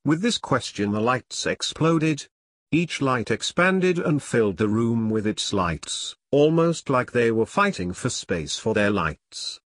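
Slow, husky male storyteller. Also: mid-range voice, big pitch swings, fairly bright tone, dry recording, clean studio sound. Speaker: narrator. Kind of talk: reading a spooky story aloud.

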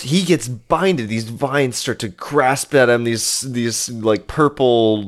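A man improvising a comic story, halting with many restarts and filler words. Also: mid-range voice.

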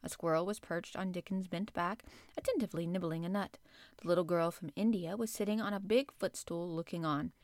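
A woman narrating a children's classic in a measured storytelling manner. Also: fairly low pitch, fairly even intonation, a little mellow, no room sound. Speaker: audiobook narrator. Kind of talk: scripted narration.

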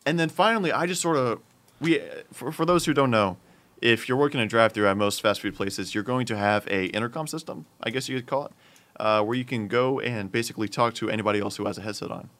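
A young man casually telling a story from his fast food job to friends, getting animated and loud at the peaks. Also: mid-range voice. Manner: animated, builds up to loud exclamations. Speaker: storyteller in a group chat.

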